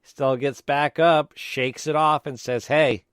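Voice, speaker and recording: A man's voice: a little high, steady tone, unhurried, fairly bright tone, clear, resonant tone, dry recording, clean studio sound. A man co-hosting a podcast, chatting casually and in an easygoing way about video games. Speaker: podcast co-host. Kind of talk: casual gaming chat.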